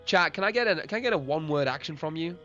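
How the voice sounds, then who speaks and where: A man runs a tabletop game on a live stream and rambles through the scene, laughing as he talks to chat. His voice sits a little high. The audio is dull and lo-fi, with faint music underneath. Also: expressive, rapid-fire, pushed and bright.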